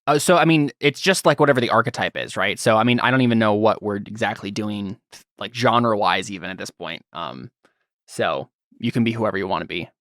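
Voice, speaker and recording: A man running a tabletop role-playing game as game master, chatting in a relaxed, rambling way with lots of fillers. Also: fairly low pitch, brisk, dry recording, studio quality. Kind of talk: casual chat while setting up a tabletop game.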